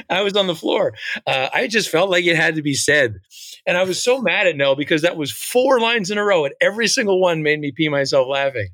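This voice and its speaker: A man who writes songs for musicals, telling backstage stories with animated delivery and laughing along as he tells them. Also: on the high side, brisk. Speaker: musical songwriter. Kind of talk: casual storytelling interview.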